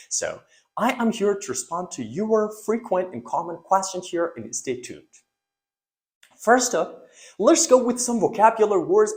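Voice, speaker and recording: A young man, not an English speaker, teaching pronunciation and repeating words for drill. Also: sits high. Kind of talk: pronunciation lesson.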